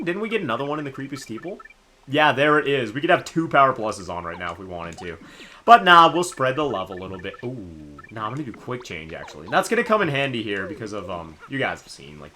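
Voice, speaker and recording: A man in his twenties casually commenting on a live game stream, animated and joking with viewers. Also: medium pitch. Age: 20s. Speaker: let's play streamer.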